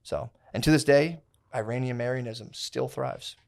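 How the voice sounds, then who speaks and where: A man's voice: medium pitch, moderate pace, creaky. A man in his thirties co-hosting a casual podcast, telling a long history story with slang, swearing and many restarts. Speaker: podcast co-host.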